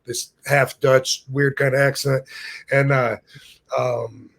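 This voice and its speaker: Speaking slowly at a medium pitch with little pitch movement and a fairly bright tone, a man in his fifties hosts a podcast. He meanders through a lengthy story casually, often losing the thread and laughing at what he's telling.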